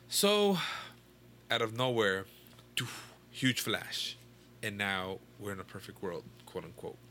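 A man's voice: on the low side, sharp tone, a little hiss or hum. A young man casually retelling a comic book story to a friend, rambling and swearing, full of fillers and restarts. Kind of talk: casual chat.

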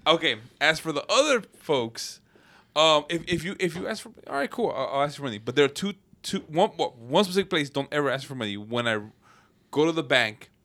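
A man's voice: a little high, a little fast. A man in casual podcast chat, telling profane stories and acting out the people in them. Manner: profane, animated storyteller who acts out dialogue.

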